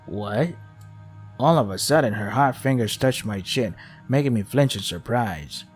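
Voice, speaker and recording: A man's voice: medium pitch, lively intonation, a little slow, soft background music. A man reading a visual novel aloud, with wry asides that include swearing. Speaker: game streamer.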